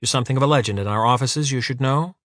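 A male narrator playing a smug council official who talks down to others in a calm, condescending way. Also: mid-range voice, rapid-fire, no room sound, studio quality, close to an everyday voice.

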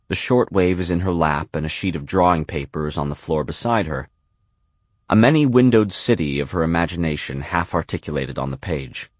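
A man narrating a novel in a calm, even storytelling voice. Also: low voice, fairly quick, no room sound, clean studio sound. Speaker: audiobook narrator. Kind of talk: scripted narration.

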